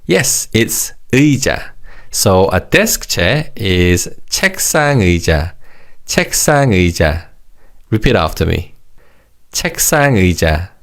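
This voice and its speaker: A man teaching vocabulary in a scripted lesson, explaining slowly and repeating each target word, with upbeat praise after every drill. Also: deep voice, big pitch swings, creaky. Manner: slow English explanations and repeated target words. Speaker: language teacher.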